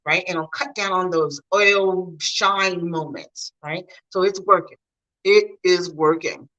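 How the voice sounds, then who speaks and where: A middle-aged woman from the Mid-US, whose voice sits on the low side, talks directly to her viewers in a home vlog. She tells stories casually and comes across chatty and animated, though the audio is poor.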